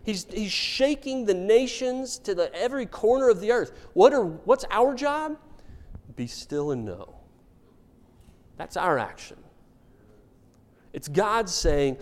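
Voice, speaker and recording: A man preaching a sermon as pastor, telling stories with wry humor in an animated way. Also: high-pitched, slow, long pauses.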